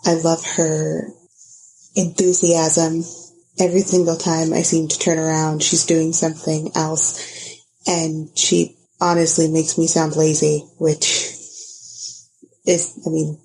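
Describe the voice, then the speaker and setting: A woman's voice: low voice, completely flat delivery, gravelly, a little mellow, low-quality recording. A woman podcast host recording an earnest, heartfelt message of praise for a friend. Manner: slow, earnest, thoughtful.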